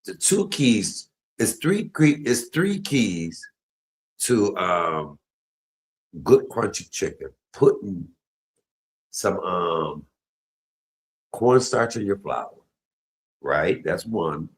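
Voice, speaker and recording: A man's voice: low-pitched, sing-song, very slow, long pauses, poor audio. A middle-aged man, telling stories on a home cooking livestream, chatty and laughing. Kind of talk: casual storytelling while cooking.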